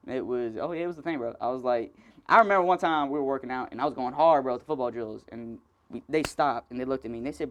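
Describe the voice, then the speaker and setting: A man's voice: medium pitch, a little mellow. A man in his twenties hosting a solo podcast, rambling and self-mocking, laughing often as he talks. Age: 20s. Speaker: podcast host. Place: indoors, seated.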